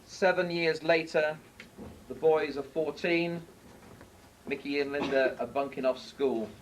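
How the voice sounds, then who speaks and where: A teenage boy narrating a school play in a slow, deliberate manner. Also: fairly high pitch, steady tone, lightly acted. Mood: solemn. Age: teens. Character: solemn stage narrator, male. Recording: distant with faint noise.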